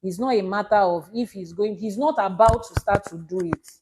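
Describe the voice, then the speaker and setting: A woman's voice: medium pitch, normal speed, noisy background. A Nigerian woman, an Ifa priestess, teaching on a live stream and answering viewers' questions, explaining with examples and repeating her key points. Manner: explains with examples and repetition, emphatic.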